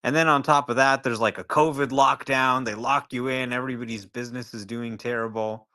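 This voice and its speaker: A man with a mid-range voice speaks briskly as a guest analyst in a relaxed podcast discussion. His tone is conversational, growing lively when he plays out a scenario.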